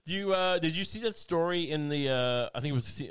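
A man in casual comedic podcast chat, rambling with halting restarts and deadpan mock outrage. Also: on the high side, noisy background.

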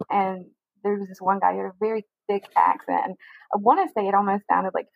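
A woman's voice: mid-range voice, little pitch movement, fast talker, vocal fry, dry recording. A young woman telling a personal story as an interview guest, candid and rambling, with "like" in almost every sentence. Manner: candid, rambling, heavy use of "like". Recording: dry, phone-like narrow sound.

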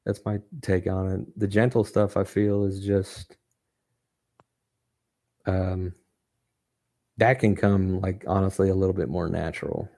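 A man's voice: sits low, flat delivery, a little slow, gravelly, pauses often, mellow. A man talking casually as a podcast guest, rambling and full of filler words. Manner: rambling, heavy with "like" fillers and restarts. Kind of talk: casual conversation.

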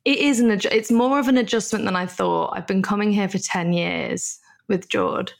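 Chatty woman in her thirties, gravelly. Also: mid-range voice, moderate pace. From north of England. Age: 30s. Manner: chatty storytelling, many likes and ums. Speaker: guest. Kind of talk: casual conversation.

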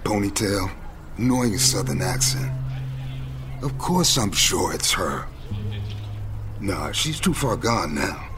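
An actor playing a creepy, sinister man speaking slowly and menacingly on a noisy street in an audio drama. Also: low voice, animated, music in the background. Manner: slow, menacing.

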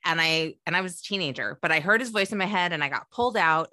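A woman co-hosting a relaxed podcast, talking like the therapist she is. Her voice sits low yet sounds bright and forceful, and she chats animatedly, laughing often. The sound is close and dry. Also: fast talker, no echo. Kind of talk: casual podcast chat.

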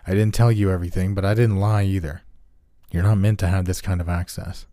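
A man doing a quiet, menacing double. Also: low voice, steady tone, fairly quick, no room sound, studio quality, close to an everyday voice. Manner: quiet, threatening, half-whispered. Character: menacing male double, a villainous other self.

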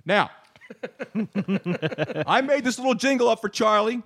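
A man's voice: very high voice, a little slow, fairly bright tone. A man hosting a radio talk show, brash and profane in casual banter.

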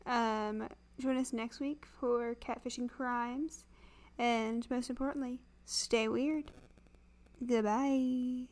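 A woman co-hosting a podcast in casual chat, her voice muffled after tonsil surgery, with dry, deadpan humor. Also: on the high side, slow. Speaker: podcast co-host.

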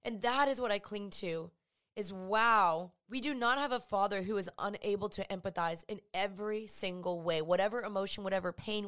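A woman's voice: medium pitch, a bit bright. Earnest woman giving a devotional talk. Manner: earnest, conversational, vivid storytelling. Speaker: Christian speaker.

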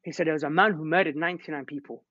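A man telling religious stories in an animated, slangy way, repeating words as he goes. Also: a little high, racing, no echo. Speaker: Islamic preacher. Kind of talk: storytelling religious talk. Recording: dull, lo-fi sound.

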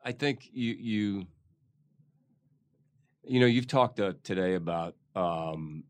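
A man's voice: low-pitched, slow, clear, resonant tone, dry recording. A middle-aged man with a Philadelphia accent, chatting as an interview guest who searches thoughtfully for his words. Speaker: guest actor. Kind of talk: casual interview chat.

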